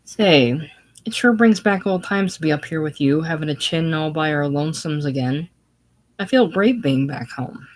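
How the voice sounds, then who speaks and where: A woman reading aloud the part of a brisk, authoritative ship's officer, speaking heartily and loudly in a solo play reading. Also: low-pitched, close to an everyday voice. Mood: breezy hearty.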